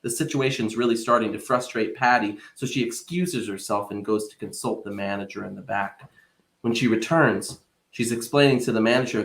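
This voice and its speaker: Gravelly-voiced man telling dad jokes. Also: on the low side. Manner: playful, drawn-out storyteller. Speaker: podcast co-host.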